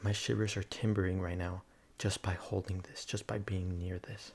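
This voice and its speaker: Low gravelly whispering man, whispered role-play. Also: level tone, normal speed, slight background noise. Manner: soft whisper, rambling with many fillers, coaxing repeat-after-me. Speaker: ASMR creator.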